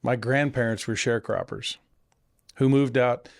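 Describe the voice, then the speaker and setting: A man's voice: mid-range voice, fairly even intonation, normal speed, vocal fry, no echo, clean studio sound. A middle-aged man from California, a conservation CEO, talking earnestly and self-deprecatingly in a casual interview. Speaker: guest, conservation nonprofit CEO.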